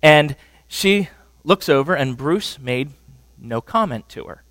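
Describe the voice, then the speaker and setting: A man's voice: on the high side, expressive, slow, a bit bright, no echo. A man giving a conversational sermon on marriage, often checking in with the audience. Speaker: preacher teaching on marriage.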